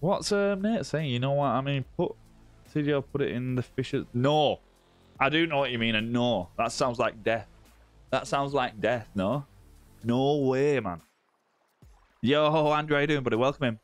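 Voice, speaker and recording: A man's voice: mid-range voice, normal speed, faint music behind. A man hosting a live gaming stream, chatting casually with viewers and greeting them by name. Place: indoor room with ring light.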